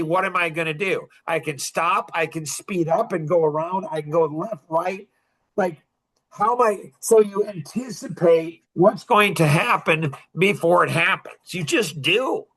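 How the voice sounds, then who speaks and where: A man hosts a podcast with a casual monologue that's rambling, emphatic, and packed with fillers. His voice sits high and has a sharp tone.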